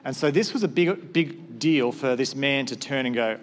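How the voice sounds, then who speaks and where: A man's voice: mid-range voice, moderate pace, a little hiss or hum. A man, a pastor with school-age kids, preaching a sermon in a conversational way and acting out short exchanges.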